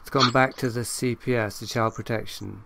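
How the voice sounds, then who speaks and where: Give me a male host with a creaky, gravelly voice asking curious follow-up questions. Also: mid-range voice, steady tone, normal speed, crowd noise. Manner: inquisitive, probing questions. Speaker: podcast host. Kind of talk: casual conversation.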